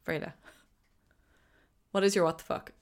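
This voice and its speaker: A woman's voice: fairly low pitch, steady tone, moderate pace, gravelly, faint music behind. A woman co-hosting a casual film podcast, easygoing and often laughing. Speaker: podcast co-host.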